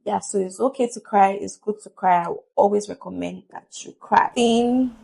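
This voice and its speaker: Female vlogger, mid-pitched, a bit of fry, earnest motivational chat. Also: normal speed, warm tone. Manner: chatty and earnest, laughs often. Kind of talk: casual motivational talk to camera.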